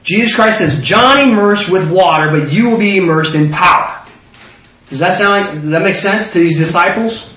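A man preaching a sermon who acts out biblical figures in excited voices. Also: high-pitched, normal speed. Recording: roomy, distant, dull lo-fi sound.

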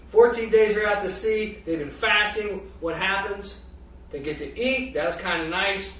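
A high-pitched man delivers a lively sermon, laughing and challenging his congregation with questions. His voice rings through a very echoey church hall, caught from a distance on a dull mic with faint background noise. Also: moderate pace. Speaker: preacher.

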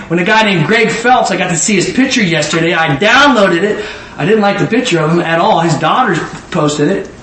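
A middle-aged man giving informal Bible teaching, swinging from low musing to high emotional exclamations. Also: fairly bright tone. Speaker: preacher. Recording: echoey room, mic at a distance, faint ambient noise.

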